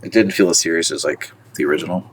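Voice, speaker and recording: A man with a very low, deep voice co-hosts a casual podcast about films. He talks in a loose, wandering way, stopping often on fillers as he searches for his point. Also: quick pace, a little hiss or hum. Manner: rambling, hesitant, full of fillers. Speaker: podcast co-host. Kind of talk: casual film discussion.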